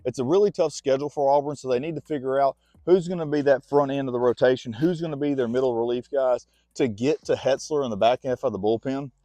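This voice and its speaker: A man talks college sports on a walk outdoors, slightly winded as he goes. His voice is mellow and warm, and he chats easily, now and then speaking to his dog. The recording is dry and close, with no room sound. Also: medium pitch, brisk, few pauses, dry recording. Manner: chatty, talks to his dog between points. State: winded from walking. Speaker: sports vlogger. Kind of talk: casual sports chat while walking.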